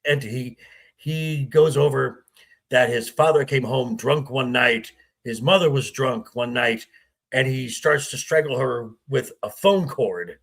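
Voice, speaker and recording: Husky gravelly man retelling a film. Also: mid-range voice, fairly bright tone. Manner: halting retelling with acted quotes. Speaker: podcast guest. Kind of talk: casual film discussion.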